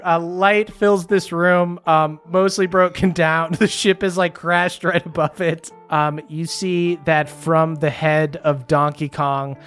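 A man's voice: fairly high pitch, steady tone, takes it slowly, few pauses, a bit bright, faint music behind. A man narrating as game master in a tabletop game, laughing often and filling gaps with "um" and "uh". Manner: laughing often, many fillers.

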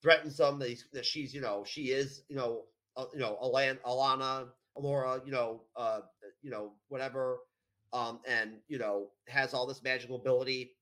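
A man's voice: medium pitch, steady tone, normal speed, fairly bright tone. A man from New York co-hosting a podcast, recapping an episode in a rambling, profane way full of "you know" and "um". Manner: rambling, profane, heavy with fillers. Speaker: podcast co-host. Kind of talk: casual recap chat.

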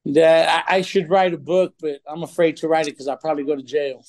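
A man with a notably high voice talks as a podcast guest on a remote call. He swears freely and laughs easily as he tells his stories. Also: steady tone, brisk, a little mellow. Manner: profane, laughing storyteller. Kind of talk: casual chat.

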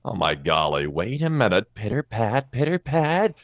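A languid, eccentric older man, as a man puts him on, low and deliberate with long halting pauses. The delivery is dry and slightly muffled. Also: very animated, dry recording. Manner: halting, stretched-out phrasing. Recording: dry, slightly dull sound.

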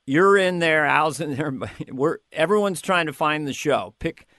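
A man, a guest comedian in a casual interview, telling lively anecdotes and slipping into quick character voices. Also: a little high, dry recording, studio quality.

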